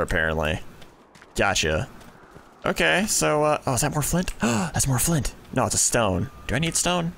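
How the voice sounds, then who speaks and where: Young male gamer, animated pitch swings, thinks aloud, loud exclaims, desk mic. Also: normal speed, creaky, slight background noise. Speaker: gaming YouTuber. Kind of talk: let's play commentary.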